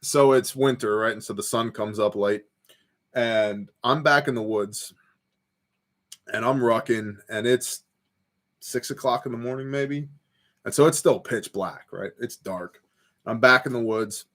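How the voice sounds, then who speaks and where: A man's voice: mid-range voice, unhurried, a bit bright. Laid-back man chatting on his porch. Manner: laid-back, rambling storyteller with fillers. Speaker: host of a prepper livestream. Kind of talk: casual livestream chat reading comments. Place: home porch, outdoors.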